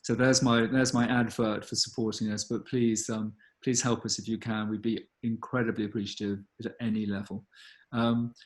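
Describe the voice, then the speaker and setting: A man, a gallery director answering audience questions in an earnest, thoughtful way with many pauses and ums. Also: fairly low pitch, little pitch movement. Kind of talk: live online Q&A talk.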